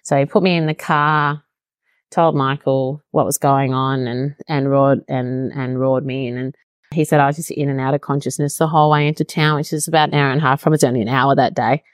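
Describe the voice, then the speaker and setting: A woman's voice: very deep voice, fairly even intonation, a little fast, no echo, studio quality. A young woman chatting casually as an interview guest, telling a personal story in a self-deprecating way and laughing now and then. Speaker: podcast guest.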